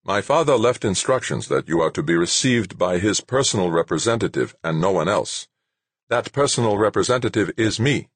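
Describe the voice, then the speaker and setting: A man's voice: on the low side, animated, moderate pace, slightly rough, dry recording, pitched above the performer's own voice. A man voicing a young executive's son who speaks in a polite, gracious, solicitous way.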